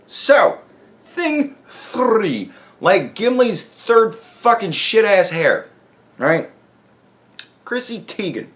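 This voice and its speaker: Swearing, animated ranting man. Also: sits high, drawn-out words, pauses often. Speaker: podcast host. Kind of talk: profane ranting monologue.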